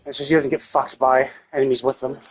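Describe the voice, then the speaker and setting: A woman's voice: a bass voice, flat delivery, fast talker, slightly rough, soft background music. A woman streamer giving live gameplay commentary, swearing often as she rants about the game in exasperation. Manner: profane, exasperated ranting.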